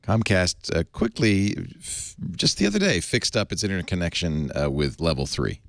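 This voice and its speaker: Deep, animated male podcast host. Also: moderate pace, no echo, studio quality. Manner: animated, reads news aloud with fillers and laughs. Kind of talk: casual tech podcast chat.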